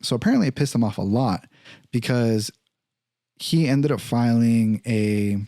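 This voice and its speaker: Mellow-voiced man swearing through a story. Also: mid-range voice, measured pace, no echo, studio quality. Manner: profane, animated, acts out quoted voices. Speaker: podcast host. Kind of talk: casual storytelling.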